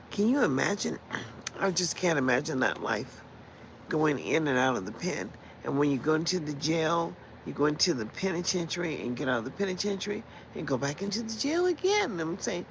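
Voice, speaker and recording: On a casual livestream from Las Vegas, a woman in her sixties rants bluntly and with plenty of profanity, wandering from one point to the next. Her voice is low, and the rough recording carries slight background noise.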